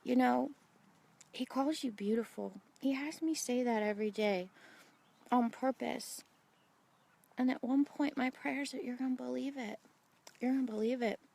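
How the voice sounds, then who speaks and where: A woman in her forties speaks with a gravelly, slightly high voice, earnest and heartfelt as she talks right to the viewer. She is telling a faith story outdoors in a wooded spot. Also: moderate pace, long pauses, a little mellow. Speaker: Christian speaker sharing a testimony. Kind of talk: devotional vlog storytelling.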